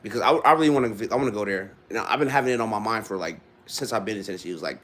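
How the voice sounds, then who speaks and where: A man's voice: fairly low pitch, rapid-fire, a bit bright. A young man in his twenties from Ohio, rambling casually to his live-stream viewers with loose restarts. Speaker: livestreamer.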